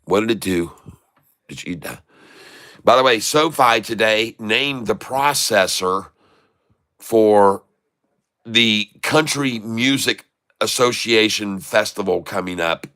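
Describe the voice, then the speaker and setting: A man's voice: on the low side, slow, long pauses, sharp tone. A man from the United States hosting a casual stock market livestream, joking and folksy, often calling his viewers folks.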